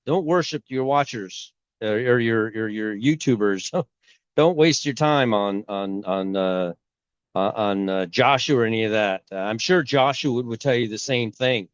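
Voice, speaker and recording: A man's voice: mid-range voice, lively intonation, smooth, no room sound, muffled recording. Man with a cold, rambling talk. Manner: rambling, halting, many restarts. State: has a cold, sore throat, coughing. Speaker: YouTube host. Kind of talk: casual religious commentary.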